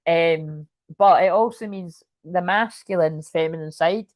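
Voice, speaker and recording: A woman with a fairly low voice gives a live tarot reading, talking in a loose, rambling flow. She swears freely and keeps checking in with "you know what I mean." The sound is close and dry. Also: measured pace, a little mellow, no room sound. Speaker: tarot reader.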